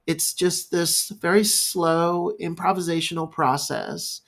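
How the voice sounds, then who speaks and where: A man's voice: a little high, steady tone, creaky, fairly bright tone. Reflective male therapist thinking aloud. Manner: reflective, improvising, halting. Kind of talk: unscripted talking-head monologue.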